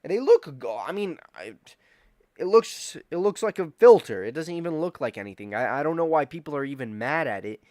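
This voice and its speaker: A man's voice: a little high, big pitch swings, brisk, darkish tone, dry recording, clean studio sound. A man in his twenties streaming casual chat, rambling, swearing and repeating himself as he reacts to chat. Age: 20s.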